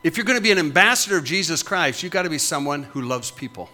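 A man's voice: a little high, expressive, fast talker, bright, forceful tone. A middle-aged man preaching as a pastor, with emphatic, punchy repetitions that rise and fall. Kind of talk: sermon.

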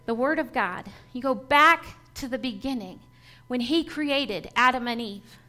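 A woman's voice: sits high, lively intonation, measured pace, sharp tone. A woman preaching a sermon to a congregation, emphatic and rhythmic, building points through lists and repetition.

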